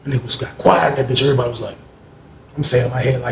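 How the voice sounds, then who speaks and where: A man tells a rough, profane story with lots of drive, acting out each scene and filling gaps with hummed sound effects. His voice sits at an ordinary middle pitch. The recording has a roomy, echoing sound. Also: very fast, slight background noise. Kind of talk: animated street storytelling. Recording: roomy echo.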